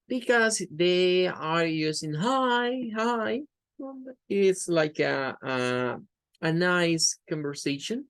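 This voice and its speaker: A woman whose first language is Spanish, teaching an English class with a Spanish accent and repeating phrases slowly for pronunciation drills. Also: low-pitched, no echo.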